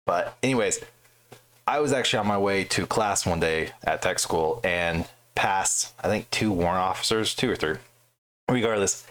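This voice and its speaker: A man and Air Force veteran telling stories in casual podcast chat, profane and animated, jumping high in pitch when he quotes others. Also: normal speed.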